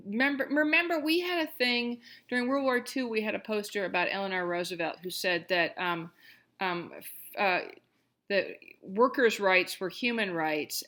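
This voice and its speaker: A woman giving a recorded college history lecture, talking conversationally with lots of fillers, restarts and animated emphasis. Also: fairly high pitch.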